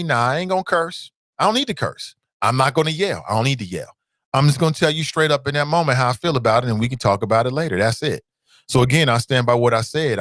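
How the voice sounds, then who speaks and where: A man's voice: mid-range voice, a bit bright, no room sound. Blunt emphatic man hosting a call-in show. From United States. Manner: blunt, emphatic, repeats himself. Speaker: talk show host.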